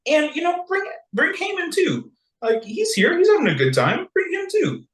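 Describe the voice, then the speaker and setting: A podcast host voicing a gushing young queen in a squeaky, singsong, mock-girly way. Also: wildly swooping pitch, moderate pace, fairly bright tone, roomy sound, recorded from a distance, heavily acted. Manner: playful mock-girly exaggeration.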